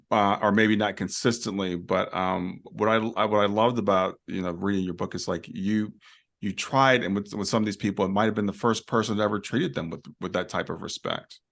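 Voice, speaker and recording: A man hosts an interview, asking slow, thoughtful questions that trail and restart. His low voice has a gravelly, creaky texture. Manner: thoughtful, hesitant questions with many affirmations. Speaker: podcast host, interviewer. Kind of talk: casual interview conversation.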